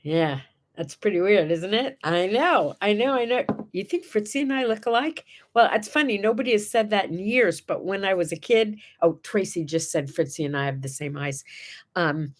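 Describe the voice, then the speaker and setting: A middle-aged woman hosting a casual morning chat, telling stories and acting out the people she quotes. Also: mid-range voice. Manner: chatty storyteller, acts out quotes. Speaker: host.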